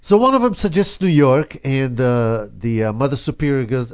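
Relaxed male radio host, lo-fi sound. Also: mid-range voice, moderate pace, clear, resonant tone. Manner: relaxed, hesitant, lots of "uh". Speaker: radio talk show host. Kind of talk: casual radio interview chat.

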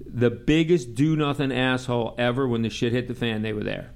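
A middle-aged man from Long Island with a New York accent, telling profane, animated stories in casual talk and mimicking the people in them. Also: mid-range voice, fairly quick, gravelly. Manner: animated, profane, mimics others in quoted dialogue. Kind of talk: casual storytelling.

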